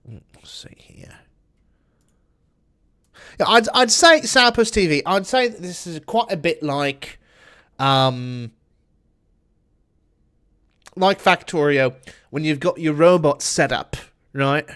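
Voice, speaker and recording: A male game streamer talks in a put-on British accent, cursing casually and answering his chat as he plays. His voice sits a little high for a man. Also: animated, slow pace, long pauses, sharp tone. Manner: chatty, swears often, answers chat while playing. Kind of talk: casual gameplay commentary.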